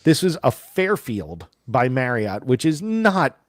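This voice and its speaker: A man co-hosting a podcast, telling a long story in a casual, animated way and acting out the voices of the people in it. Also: mid-range voice, takes it slowly, no room sound, studio quality. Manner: animated, acts out quoted voices. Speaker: podcast co-host.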